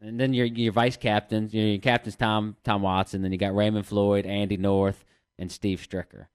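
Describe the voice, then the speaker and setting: A man's voice: lowish voice, flat delivery, moderate pace, clean tone. A man co-hosting a sports podcast, matter-of-fact as he reads off stats and player names. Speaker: podcast co-host. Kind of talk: casual sports chat.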